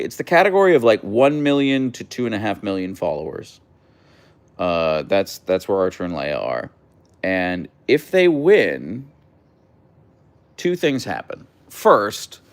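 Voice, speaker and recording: A young man hosting a casual livestream, chatting and reading out viewer comments in a relaxed way. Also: on the low side. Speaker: livestream host reading chat. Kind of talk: casual live chat.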